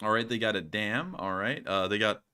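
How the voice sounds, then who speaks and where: Male livestream host, bright forward tone, exhausted, rambling with fillers. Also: lowish voice, moderate pace, clean tone. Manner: rambling, frequent fillers and thank-yous. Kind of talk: livestream war news commentary.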